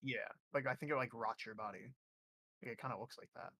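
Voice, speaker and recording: A stream co-host with a bright, forceful voice, talking casually and rambling as they work through an idea. They stop and restart often along the way. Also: medium pitch, a little fast. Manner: rambling, hesitant, many restarts and fillers. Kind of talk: casual reaction chat.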